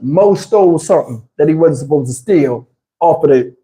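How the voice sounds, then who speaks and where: A man's voice: fairly high pitch, moderate pace, a little hiss or hum, rough recording. A man hosting a casual storytime, acting out the quotes in his story and laughing as he goes. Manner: animated, acts out quotes and laughs mid-story. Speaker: host.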